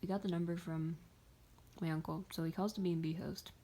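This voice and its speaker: Young woman vlogger, low-set voice, rambly storyteller who swears a lot. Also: steady tone, fairly quick, warm tone. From greater Pittsburgh area. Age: young adult. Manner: rambling, filler-heavy, swearing and laughing. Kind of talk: casual storytime chat.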